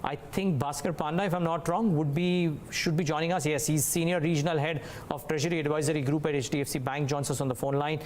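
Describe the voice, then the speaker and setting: A man's voice: fairly high pitch, fairly even intonation, fast talker, hardly any pauses, a little mellow, a little hiss or hum. A man with an Indian English accent anchoring live business news, thinking aloud as he checks market rates. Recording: music bed under studio voice.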